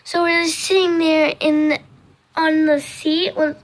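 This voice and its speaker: A young woman vlogger telling a storytime in casual, rambling chat, full of "like" and acting out the quoted voices in loud, high bursts. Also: little pitch movement, takes it slowly. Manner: rambling, filler-heavy storytelling with many "like"s.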